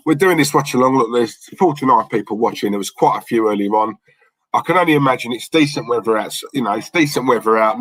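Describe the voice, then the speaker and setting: A man's voice: mid-range voice, a bit bright, dry recording, rough recording. A young man with a London accent hosting a football watchalong stream, chatting casually and rambling while reading out chat messages. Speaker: watchalong host.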